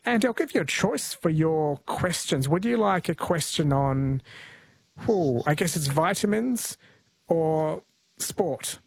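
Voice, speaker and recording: A man's voice: fairly high pitch, lively intonation, slow pace, vocal fry, husky, dry recording. Chatty radio quiz host, man. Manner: friendly, chatty, laughs easily. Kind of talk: call-in radio quiz chat.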